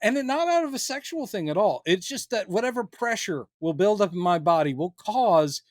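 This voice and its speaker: A man co-hosting a casual podcast chat, animated and jokey, slipping into silly voices when quoting people. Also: high voice, brisk, no room sound, studio quality. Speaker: podcast co-host.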